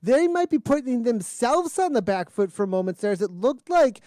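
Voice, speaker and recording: A man co-commentating a virtual cycling race, analytical, rising to loud urgency in the sprint. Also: very high voice, animated, normal speed, no room sound, studio quality.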